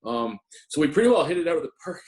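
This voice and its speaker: A man's voice: on the high side, sing-song, fast, a little mellow. A middle-aged man, a former assistant hockey coach, reminiscing in an interview with many ums and restarts. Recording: roomy echo.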